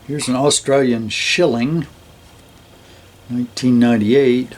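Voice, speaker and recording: An older man showing his coin collection in a slow, relaxed, admiring way, with many fillers. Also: mid-range voice. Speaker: metal detecting hobbyist host. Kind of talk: casual show-and-tell of a coin collection.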